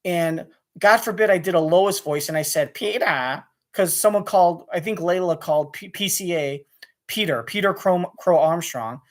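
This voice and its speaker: A young man venting to camera about sports radio hosts, his talk fast and restless. He swears freely and trips over his own sentences as he pushes to get every point out. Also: high voice. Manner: rapid, restless, with many restarts and swearing. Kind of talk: angry profane rant to camera.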